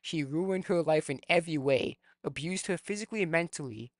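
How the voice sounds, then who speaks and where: A man's voice: fairly high pitch, brisk, dry recording. A man with a slightly raised voice argues his case in a casual chat. He works through a list of points heatedly. His sound is close and dry, with no room behind it. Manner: heated, argumentative, reads points from notes. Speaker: video talk participant.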